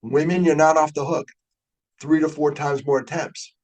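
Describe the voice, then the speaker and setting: A man's voice: on the high side, fairly even intonation, normal speed, a little mellow, low-quality recording. A middle-aged man from New York giving a conversational webinar talk, joking and openly emotional as he goes. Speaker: guest speaker.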